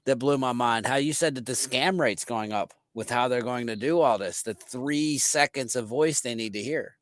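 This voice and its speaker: A man's voice: mid-range voice, moderate pace. A man co-hosting a podcast, talking loosely and casually with plenty of fillers. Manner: loose, relaxed, filler-heavy. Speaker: podcast co-host.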